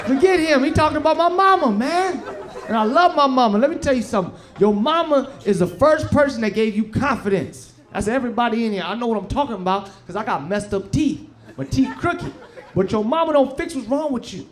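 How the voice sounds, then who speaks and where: A young man doing a stand-up comedy set on stage, loud and streetwise, bantering with the crowd. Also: extremely high pitch, lively intonation, brisk. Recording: live show, loud crowd laughter and noise.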